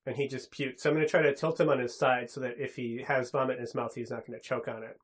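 A man's voice: mid-range voice, level tone. A man playing a tabletop role-playing game, asking questions and joking casually. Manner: quick, eager, joking. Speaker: player.

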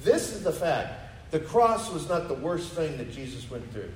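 A man's voice: on the high side, sing-song, moderate pace, roomy sound, recorded from a distance, slight background noise, poor audio. A man preaching a sermon to his congregation, emphatic and full of rhetorical questions. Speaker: pastor. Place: church sanctuary.

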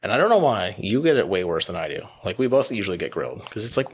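A man co-owning a sausage business, chatting casually and telling animated stories. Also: fairly low pitch, quick pace, hardly any pauses, slightly rough. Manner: animated storyteller, acts out quotes. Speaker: sausage company co-owner. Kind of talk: casual chat.

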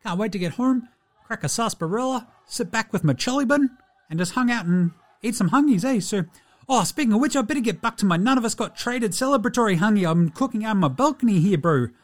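A man's voice: high-pitched, animated, fast talker. A man doing a goofy drawling Kiwi basketballer. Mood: cheerful. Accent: exaggerated New Zealand. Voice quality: drawling, tacks "Brew" and "eh" onto every phrase. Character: laid-back young New Zealand basketballer, easygoing and goofy.

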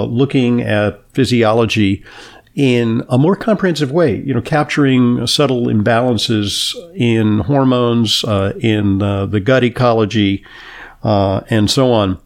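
A man hosting a podcast interview, speaking in a measured way with frequent pauses and fillers. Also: medium pitch. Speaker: podcast host.

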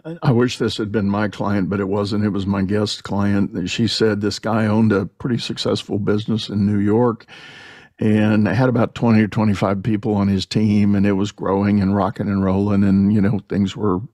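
Low-voiced male podcast host, dry sound. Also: moderate pace, no room sound. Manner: animated storyteller, repeats words when starting sentences. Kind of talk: conversational storytelling.

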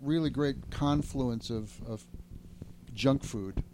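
A man's voice: medium pitch, takes it slowly, dark tone, a little hiss or hum. A man from Chicago in casual chat, explaining at length in a rambling, self-mocking way.

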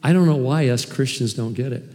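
A man preaching a sermon as pastor, animated and emphatic, with sudden swings in loudness. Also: medium pitch, fairly quick, long reverb tail. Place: church hall.

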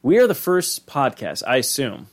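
A man's voice: mid-range voice, wildly swooping pitch. A man co-hosting a podcast in rambling casual chat, reacting and riffing. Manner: rambling, chatty, reacts with quick interjections. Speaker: podcast co-host.

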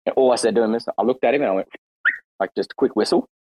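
A man chatting casually on an online voice call, rambling and relaxed with lots of fillers and restarts. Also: medium pitch, rapid-fire, noisy background. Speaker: participant in an online audio chat room. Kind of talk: casual chat.

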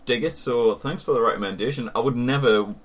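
A man's voice: mid-range voice, fairly quick. A young man, co-hosting a podcast with dry, sweary remarks. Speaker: podcast co-host. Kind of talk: casual chat.

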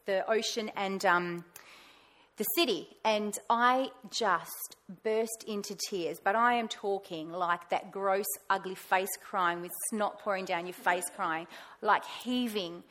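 A woman tells a personal faith story from the front. She talks in a lively, animated way and acts out her own past words in a raised voice. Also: mid-range voice, slow. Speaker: pastor's wife sharing testimony. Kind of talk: personal testimony talk.

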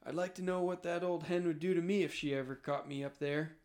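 A man reading aloud the lines of a rough, plain-spoken male trapper, slightly raised. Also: on the high side, fairly even intonation, a little fast, darkish tone, pitched above the performer's own voice, lightly acted. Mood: joking. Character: rough male trapper, joking then sheepish.

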